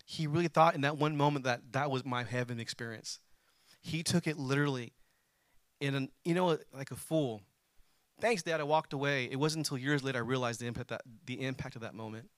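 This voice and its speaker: Bright-voiced preacher man. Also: mid-range voice, brisk, dry recording, clean studio sound. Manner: animated, calls on the congregation to respond. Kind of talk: sermon with personal storytelling.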